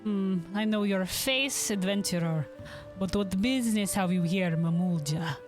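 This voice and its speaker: A woman voicing a gruff older male retired warrior, speaking slowly and sternly. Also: mid-range voice, darkish tone, soft background music, close to an everyday voice.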